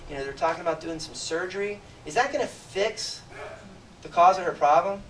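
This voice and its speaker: A man in his forties, a chiropractor giving an emotional, animated motivational talk to a seminar audience, asking them direct questions. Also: high voice, a little fast, slight background noise. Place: seminar room. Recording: roomy sound from a distant mic.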